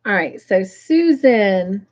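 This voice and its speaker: A woman hosts a cozy livestream, reading viewer comments aloud at an unhurried pace. Her greetings gush, and excitement breaks through in sudden high squeals. The stream audio comes through slightly muffled and lo-fi. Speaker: livestream host.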